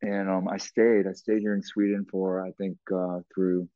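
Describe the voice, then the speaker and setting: A middle-aged man being interviewed, telling a personal story bluntly and profanely, with halting restarts. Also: low-pitched, level tone, mellow, no room sound. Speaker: guest. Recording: tinny phone-like line, dry.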